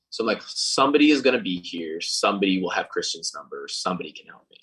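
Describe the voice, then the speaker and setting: A man's voice: lowish voice, fast, breathy edge, rough recording. A young man telling a story in casual chat, acting out other people's lines. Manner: animated, acts out quoted voices. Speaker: podcast guest and singer.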